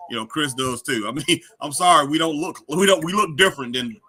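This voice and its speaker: A man's voice: on the high side, a little fast, bright, forceful tone, breathy edge. A man co-hosting a wrestling livestream, calling the action and reading viewer comments with lots of laughing and fillers. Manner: chuckling, reads chat aloud, filler "uh" and "you know". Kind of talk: casual live watch-along chat.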